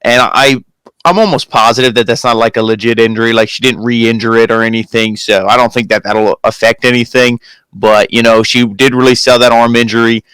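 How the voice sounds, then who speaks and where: A man's voice: mid-range voice, fairly even intonation, a little fast, fairly bright tone, clean tone, no room sound. A man co-hosting a review show, chatting casually and rambling with lots of "you know" fillers. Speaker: co-host of a wrestling review show. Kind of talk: casual chat.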